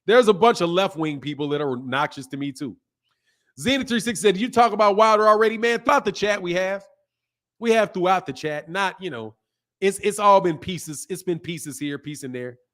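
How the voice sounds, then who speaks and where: A man's voice: sits high, normal speed. A man hosting a casual livestream, reading viewer comments aloud and answering them bluntly, swearing and laughing often. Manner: blunt, profane, laughs often, animated asides. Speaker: boxing channel host.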